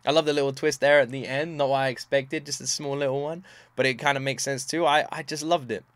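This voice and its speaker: A music reaction YouTuber in his thirties gives casual, gushing commentary in a medium-pitched voice, talking fast on a dry recording. He's effusive, repeats himself often, swears casually, and breaks into loud bursts of excitement.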